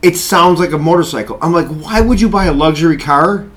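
A man's voice: a little high, a little fast, a bit bright. Man telling workplace stories casually. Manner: storytelling, quotes others, laughs often. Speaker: podcast co-host. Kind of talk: casual chat.

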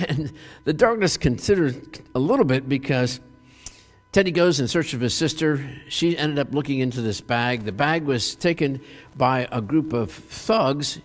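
A man preaching a sermon, retelling a film as a story in an animated way, with many fillers and restarts. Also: medium pitch, unhurried, long reverb tail, faint music behind. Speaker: pastor.

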